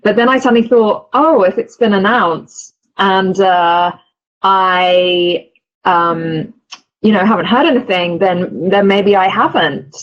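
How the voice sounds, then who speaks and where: Woman, actress guest; emotional, gushing delivery with restarts, medium pitch, muffled lo-fi recording. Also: slow pace. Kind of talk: casual interview chat.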